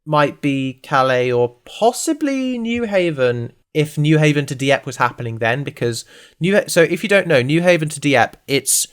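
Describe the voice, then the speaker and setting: A man's voice: a little high, lively intonation, normal speed, clear, resonant tone. A man co-hosting a podcast, chatting casually and rambling through a show recap with lots of asides and jokes. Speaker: podcast co-host. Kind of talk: casual chat recapping a TV series.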